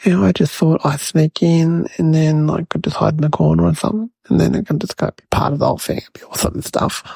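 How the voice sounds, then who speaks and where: A man's voice: fairly high pitch, flat delivery, fast talker, creaky, a little mellow, husky, no echo, exaggerated voice. A man voicing a mischievous, chatty young boy who rambles to the viewers in a comedic monologue. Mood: rambling. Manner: rambling, addresses viewers as guys.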